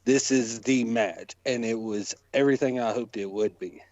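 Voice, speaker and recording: A man co-hosting a podcast, excited and emphatic in casual chat. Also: mid-range voice, normal speed, no room sound. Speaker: podcast co-host. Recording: dull lo-fi dry sound.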